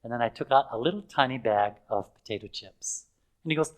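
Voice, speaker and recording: A man's voice: mid-range voice, fairly quick, low-quality recording. An older man preaching in a chatty storytelling way, with fillers and frequent chuckles. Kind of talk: anecdotal sermon.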